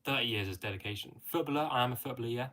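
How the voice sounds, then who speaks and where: A young Englishman hosts a live stream, casually reading viewer comments aloud and answering them in a chatty, friendly way, dropping in "mate" as filler. His mid-range voice races along, sounding pushed and bright.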